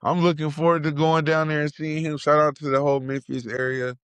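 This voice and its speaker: Energetic male co-host, slangy and playful, smooth voice, dry close sound. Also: on the high side, fairly quick, no echo. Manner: hyped, slangy, playful shout-outs. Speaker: podcast co-host. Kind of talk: casual wrestling podcast chat.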